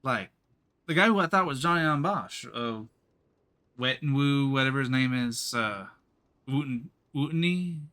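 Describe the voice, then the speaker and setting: A man's voice: mid-range voice, lively intonation, moderate pace, bright, forceful tone. An American man with a slight rural twang, streaming a game and chatting casually in a rambling way. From United States. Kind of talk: casual gaming commentary.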